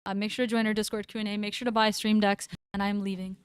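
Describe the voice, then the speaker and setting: A woman's voice: mid-range voice, level tone, fast, smooth, dry recording. A woman hosting a livestream, playful and giggly, rambling in casual chat. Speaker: livestream host.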